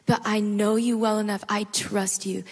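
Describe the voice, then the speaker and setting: Woman panel guest, earnest testimony, casual speech, long hall reverb, mid pitch. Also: flat delivery, normal speed, darkish tone, breathy edge. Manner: earnest, conversational, with frequent "like". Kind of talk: sharing a personal faith testimony on stage. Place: large hall at a live church gathering.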